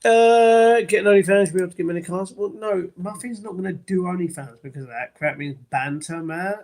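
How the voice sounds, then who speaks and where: A chatty man hosting a casual livestream from his home, reading out and answering his viewers' messages as they come in. His voice sits a little higher than most men's, and he slips into a mildly defensive, explaining tone when he talks back to the chat. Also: fairly quick, a little mellow. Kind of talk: casual live-stream chat.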